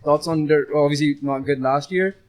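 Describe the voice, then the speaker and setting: A man co-hosting a casual sports chat, joking and cutting in with quick remarks. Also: fairly high pitch, fairly even intonation, crowd noise. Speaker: podcast co-host.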